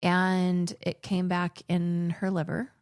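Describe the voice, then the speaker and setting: A woman's voice: lowish voice, completely flat delivery, slow pace, a little mellow, smooth, no room sound, clean studio sound. A woman in her forties, raised in the Philippines, telling personal stories as a podcast guest in a chatty way, often restarting her sentences. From grew up in the Philippines. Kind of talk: casual conversational storytelling.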